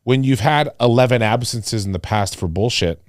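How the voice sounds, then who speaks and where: A man's voice: mid-range voice, moderate pace, dry recording, studio quality. A man who is a lawyer, co-hosting a podcast and making firm, joking points. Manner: emphatic, makes firm points and jokes. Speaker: lawyer and co-host. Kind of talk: casual podcast chat.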